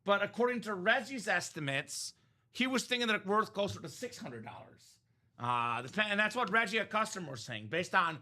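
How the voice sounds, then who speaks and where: A man's voice: high voice, lively intonation, fairly quick, bright, forceful tone. A man hosting a live sports memorabilia break, chatting energetically and rambling through values and asides. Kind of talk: live-stream sales chat.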